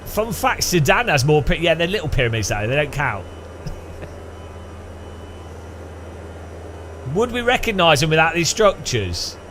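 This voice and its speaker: A man's voice: on the high side, sing-song, slow pace, long pauses, a bit bright, slight background noise. A man giving rambling, jokey gameplay commentary, thinking aloud. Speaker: gaming channel host.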